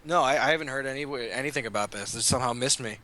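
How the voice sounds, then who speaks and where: A man's voice: medium pitch, rapid-fire, pushed and bright. A man co-hosting a podcast in casual chat, joking in a playful way. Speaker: podcast co-host.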